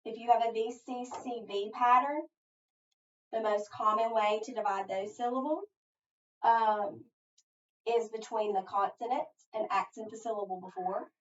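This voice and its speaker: A woman teacher giving a phonics lesson, thinking aloud step by step and pausing so listeners can finish her sentences. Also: on the high side, steady tone. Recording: echoey, distant, dull sound.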